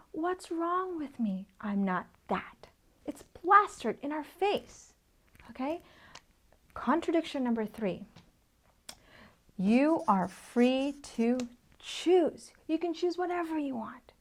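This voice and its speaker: A woman in her thirties presenting a workshop at a whiteboard, speaking emphatically, often dropping to a near-whisper for effect and checking in with "okay?". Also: high voice. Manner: repeats "okay?" to check in with listeners. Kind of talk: teaching talk at a whiteboard.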